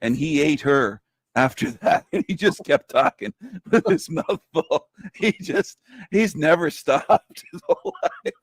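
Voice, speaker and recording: A man's voice: on the high side, big pitch swings, a little slow, husky, no room sound. A man hosting a casual online panel, teasing and joking as he tells a story.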